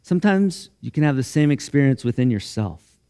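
A man's voice: medium pitch, big pitch swings, fairly quick, mellow, clean tone. A man pastor giving a sermon in a church in an easygoing, conversational way, often restarting phrases and growing emotional. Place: church sanctuary.

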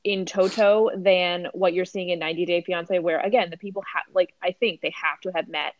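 A young adult woman co-hosting a casual chat podcast, chatty and quick with asides, laughing often. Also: on the low side, steady tone, lo-fi sound. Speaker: podcast co-host.

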